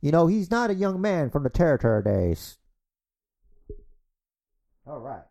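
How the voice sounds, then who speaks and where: A male podcast host who talks fast and crude, calling made-up wrestling action with big swings in his voice. He sits a little high for a man, animated and loud-mouthed. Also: gravelly. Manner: energetic, crude, fast-talking. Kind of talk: mock wrestling play-by-play and casual chat.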